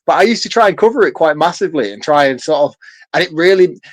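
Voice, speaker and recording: A man's voice: fairly high pitch, lively intonation, quick pace, no room sound. A man with a Yorkshire accent co-hosting a film podcast, chatting loosely, swearing casually and laughing often. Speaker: podcast co-host. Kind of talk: casual film review chat.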